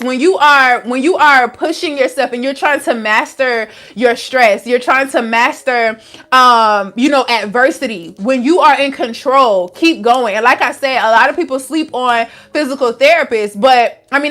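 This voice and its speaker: At a moderate pace, a young adult woman who coaches wellness responds to live-stream viewers in a high-pitched, fairly bright voice. She keeps it frank and casual, with frequent "like" and plenty of slang.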